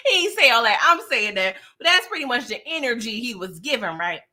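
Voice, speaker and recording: A woman with a bright, forward voice that sits a little high for her sex. She hosts a casual livestream recap, talking to her viewers in slangy, playful speech and laughing often. Her tone stays chatty and direct throughout. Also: big pitch swings, normal speed. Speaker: TV show recap host.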